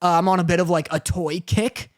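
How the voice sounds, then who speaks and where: Very high-voiced man telling a story. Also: a little fast. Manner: animated, acts out others' voices, laughs often. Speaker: podcast co-host. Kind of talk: casual storytelling.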